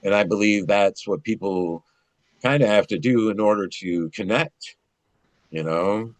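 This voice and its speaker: A man's voice: on the low side, measured pace, no room sound. Rambling man telling spirit stories. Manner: rambling, animated, swears, restarts often. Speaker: guest. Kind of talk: casual storytelling conversation.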